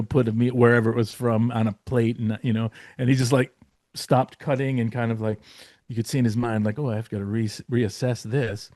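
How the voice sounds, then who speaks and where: A man's voice: mid-range voice, dry recording, clean studio sound. Rambling, profane man telling stories. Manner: rambling, profane, lots of fillers. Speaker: podcast guest, former comedy writer. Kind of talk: casual storytelling.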